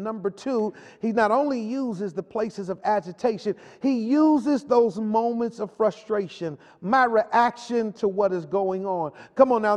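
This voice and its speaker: Male pastor preaching, really high voice, lots of repeats and come on nows, long echo in the church. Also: darkish tone. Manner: repetitive, call-and-response preaching. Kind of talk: sermon. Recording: long hall reverb.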